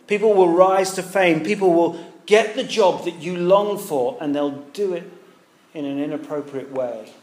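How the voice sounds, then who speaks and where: A man's voice: a little high, darkish tone. Preacher man in an echoey hall. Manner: conversational, rhetorical questions, occasional restarts. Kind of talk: sermon. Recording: echoey room with faint ambience.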